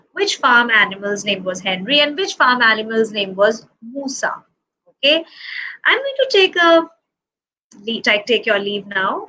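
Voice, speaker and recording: Woman, Indian English accent, preschool storyteller, high clear voice, unhurried, animated, addresses children. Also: rough recording.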